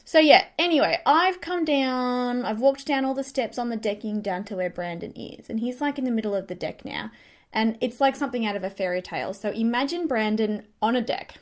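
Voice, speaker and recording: A young woman chatting excitedly while doing her makeup, rambling quickly through a story with lots of fillers. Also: on the high side. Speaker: beauty vlogger. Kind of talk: get-ready-with-me storytelling chat.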